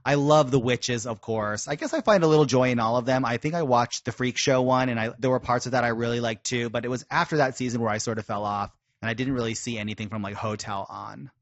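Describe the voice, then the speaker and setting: A man's voice: mid-range voice, fairly even intonation, fast talker, hardly any pauses, no room sound, lo-fi sound. A man co-hosting a podcast, chatting with enthusiasm in a casual way. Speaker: podcast co-host. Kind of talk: casual chat.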